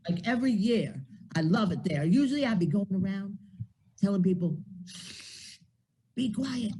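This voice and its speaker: A woman's voice: mid-range voice, animated, brisk, warm tone, slight background noise, low-quality recording. A woman with a Worcester accent, a guest speaker giving a chatty, emphatic greeting over a video call. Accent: Worcester, Massachusetts. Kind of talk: casual greeting speech.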